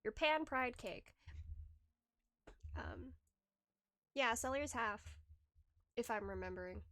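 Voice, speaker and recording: Young woman streamer rambling to chat, lots of giggles and restarts, kinda high voice, close mic. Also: animated, takes it slowly, fairly bright tone, dry recording. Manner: rambling, laughing, frequent restarts. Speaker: livestreamer. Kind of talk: casual stream chat reading chat. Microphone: desk microphone, close.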